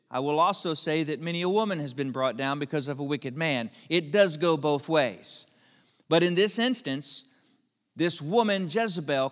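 A man preaching a sermon, telling a Bible story with lively asides and briefly acting out the characters. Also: on the high side. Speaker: pastor. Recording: long hall reverb.

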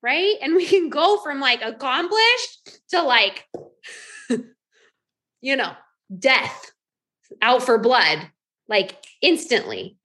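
A woman in her thirties coaching a group, telling lively stories and acting out her own thoughts. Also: sits high, drawn-out words, long pauses. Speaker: life coach.

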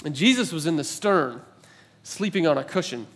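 Male pastor, thirties, casual animated sermon storytelling, slightly higher voice. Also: moderate pace. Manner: conversational, animated storytelling with filler words.

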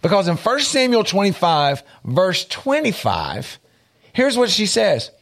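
A man's voice: high-pitched, wildly swooping pitch, measured pace, a bit bright. A man teaching a Bible lesson on a talk show, earnest and repeating his points for emphasis.

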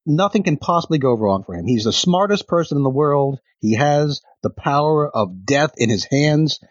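Husky guy cohost tossing in dry jokes, sound a bit dull and lo-fi. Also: fairly high pitch, lively intonation, normal speed, no room sound. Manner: wry, chimes in with short quips. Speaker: podcast co-host. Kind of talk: casual chat.

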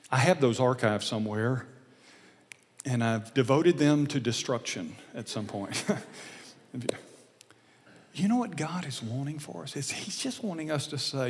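Older male pastor, animated sermon delivery, acts out voices, long hall reverb. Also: medium pitch, moderate pace. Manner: animated, acts out dialogue, drops to whispers.

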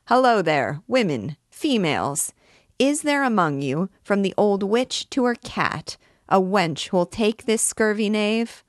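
A woman's voice: on the low side, lively intonation, takes it slowly, no echo, clean studio sound. A woman doing Clopin, a bellowing vagabond king. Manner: bellowing, auctioneer-like calls. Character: boisterous male vagabond king, loud and mocking.

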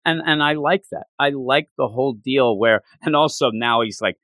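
A man's voice: medium pitch, normal speed, a bit bright, dry recording, clean studio sound. A man in casual chat, animatedly retelling an anime episode and acting out the characters' lines. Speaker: podcast co-host.

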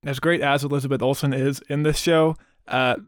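A man co-hosting a casual podcast, relaxed and chatty. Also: mid-range voice, fairly quick, dry recording, studio quality. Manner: relaxed, says "dude" a lot. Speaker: podcast co-host.

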